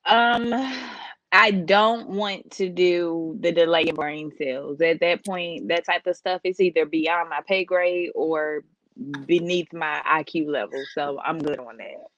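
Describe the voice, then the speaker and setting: A woman's voice: on the low side, a little slow, a bit bright, dry recording, dull audio. A woman guest on a podcast, chatting casually in a blunt, matter-of-fact way. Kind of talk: casual chat.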